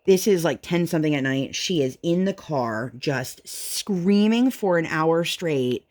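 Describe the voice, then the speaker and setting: A woman chatting casually at home while she crafts, venting and telling her story in an animated way. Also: deep voice, measured pace. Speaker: vlogger and mother.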